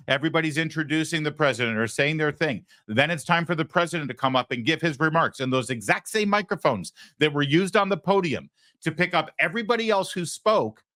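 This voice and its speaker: A man's voice: on the high side, a bit bright, dry recording, studio quality. A man hosting a talk show, giving emphatic opinionated commentary and asking rhetorical questions. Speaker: host.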